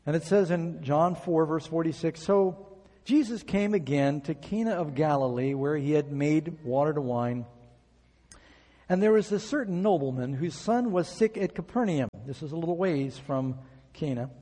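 A man's voice: a little high, expressive, moderate pace, warm tone, big-room sound. A man preaching a sermon, reading scripture aloud and acting out quoted prayers as he tells stories.

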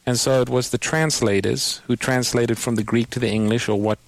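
A man hosts a call-in Bible program, walking a caller through scripture step by step. His voice sits at an ordinary pitch and reaches the listener dry and close, with no room around it. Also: fairly even intonation, a little fast, gravelly, no echo. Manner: patient, explanatory, quotes scripture. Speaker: radio Bible program host. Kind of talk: call-in radio Bible answers.

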